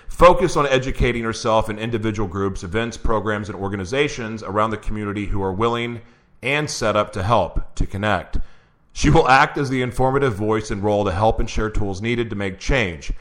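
Male host, bright tense tone, chatty, laughing, voice wearing thin, speaking into a computer mic on a video call. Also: lowish voice, animated, normal speed. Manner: chatty, laughs often, reads an intro aloud. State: losing his voice. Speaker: show host. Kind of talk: live-streamed show, casual chat.

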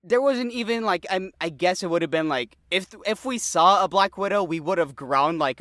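A man's voice: sits high, normal speed, few pauses, fairly bright tone, dry recording, clean studio sound. A man co-hosting a podcast, mocking a film's plot in casual, incredulous chat. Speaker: podcast co-host. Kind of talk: casual movie review chat.

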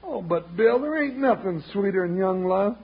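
An actor playing a folksy, sentimental old cowboy sidekick in a 1950s radio drama, with a raspy drawl. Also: male voice, high-pitched, animated, normal speed, heavily acted. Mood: wistful. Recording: dull lo-fi old radio recording.

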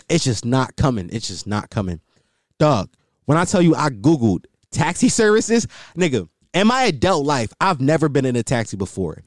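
A man's voice: mid-range voice, big pitch swings, normal speed, dry recording, clean studio sound. A man hosting his podcast alone, telling a crude story in casual slang and laughing along the way. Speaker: podcast host.

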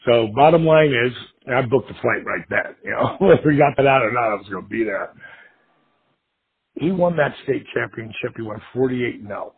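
A middle-aged man, a podcast guest, telling a story in casual, animated fashion and acting out the voices he quotes. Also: medium pitch, fairly quick, vocal fry, breathy edge. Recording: tinny phone line.

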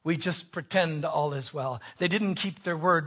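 A man preaching a sermon, reading scripture dramatically, swinging from hushed asides to shouted pleas. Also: on the high side, measured pace.

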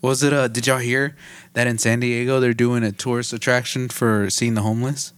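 A man's voice: medium pitch, flat delivery, fairly quick, smooth, no room sound. A man from Texas, co-hosting a casual podcast, joking and swearing easily. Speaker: podcast co-host. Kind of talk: casual chat.

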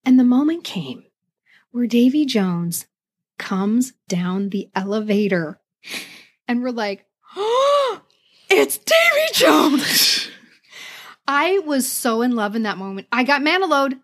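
A woman's voice: on the high side, expressive, a little slow. A middle-aged woman co-hosting a podcast, telling a personal story in casual chat and acting out what she was thinking at the time. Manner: chatty storyteller, acts out her own past thoughts. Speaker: podcast co-host.

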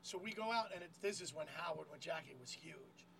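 A man comedian hosting a casual chat, telling a story loudly and shouting out the lines of the people he quotes. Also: fairly high pitch, animated, fairly quick, gravelly, background noise. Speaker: comedian host.

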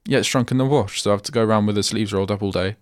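A young man hosting his own radio show talks very fast in a fairly low voice, rambling chattily and frequently breaking off mid-sentence. The recording, made in a radio studio, is dry and studio quality.

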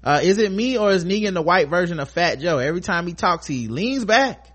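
A man's voice: high voice, brisk. Guy hosting a podcast, reading fan emails, loose and jokey, lotta cursing. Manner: profane, joking, animated asides. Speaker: podcast host. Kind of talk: casual podcast chat, reading listener emails.

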